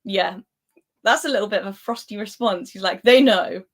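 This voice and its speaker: A woman's voice: medium pitch, brisk, fairly bright tone. A young woman who grew up in Spain, hosting a football live stream in casual, giggly chat and reading viewers' comments aloud. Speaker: football channel host.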